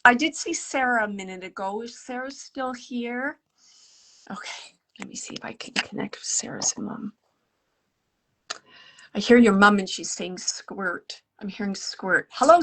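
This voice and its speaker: A woman with a gravelly, fry-tinged voice gives live readings as a medium. She talks gently and haltingly, with many pauses, and often sinks into a soft whisper as she relays messages. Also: mid-range voice. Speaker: psychic medium.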